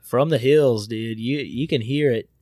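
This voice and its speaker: Young man, casual storyteller, heavy swearing, loud laughs, dry close sound. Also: mid-range voice, measured pace, no room sound. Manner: profane, laughs loudly, animated storyteller.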